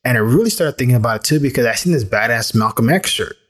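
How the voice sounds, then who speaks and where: A man in his thirties talks straight into the mic in a loose, candid monologue. He rambles a little and restarts his sentences, speaking at an everyday middle pitch as a podcast host. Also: expressive, fast talker, a bit bright. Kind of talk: casual personal monologue.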